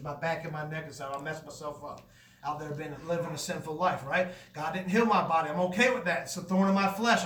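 A man's voice: high voice, a bit bright, echoey room, distant mic. A man preaching a fervent, emphatic sermon in a church, telling his own testimony with repeated phrases.

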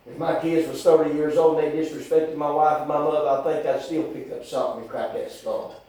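A man preaching a folksy, rambling sermon with sudden shouted bursts in a church. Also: fairly high pitch, steady tone, brisk. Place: church hall. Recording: very echoey church from far off.

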